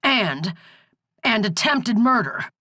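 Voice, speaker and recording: A woman's voice: a little high, very animated, takes it slowly, pushed and bright, no echo, studio quality, voice pushed up, full character voice. A woman voicing an angry, bullying male sheriff in an audiobook, barking orders and swearing. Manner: blustering, profane, barking orders. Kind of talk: audiobook character voice.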